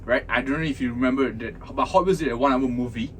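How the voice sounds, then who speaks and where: A young man tells his story quickly and casually, dropping in plenty of ums. His voice sits at a medium pitch over a faint background hiss. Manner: relaxed, storytelling, frequent ums. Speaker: podcast co-host. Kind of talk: casual chat.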